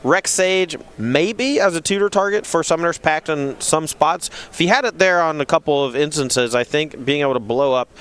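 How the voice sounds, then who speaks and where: A man with a Southern US accent doing relaxed, chatty live commentary on a card game match. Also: a little high, normal speed, few pauses, smooth. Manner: relaxed and chatty, uses many fillers.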